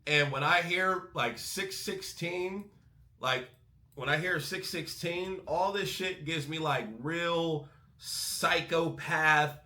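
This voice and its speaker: A man hosting a music breakdown channel, talking in a casual, excitable, profane way. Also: fairly high pitch, takes it slowly, reverberant. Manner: animated, excitable, swears freely. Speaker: music reaction host.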